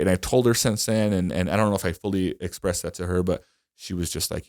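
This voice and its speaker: A man's voice: sits low, steady tone, fast talker, darkish tone, dry recording, studio quality. A man co-hosting a podcast, recounting his wedding day in casual chat, emotional and full of fillers. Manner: emotional storytelling with lots of fillers. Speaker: podcast co-host.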